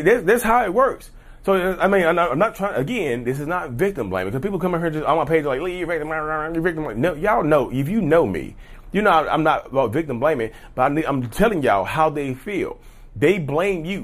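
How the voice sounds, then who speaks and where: A man in a casual vlog monologue, blunt and emphatic, swearing freely and calling his viewers "y'all.". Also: fairly high pitch. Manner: grows loud and heated. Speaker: vlogger on personality disorder.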